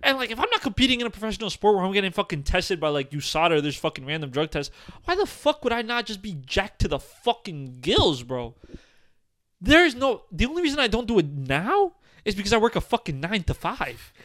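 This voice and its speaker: A young man holds forth on a casual podcast, his voice sitting high and swooping up and down with every point. He talks emphatically and swears freely. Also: a little fast. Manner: animated, profane and emphatic. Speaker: podcast co-host.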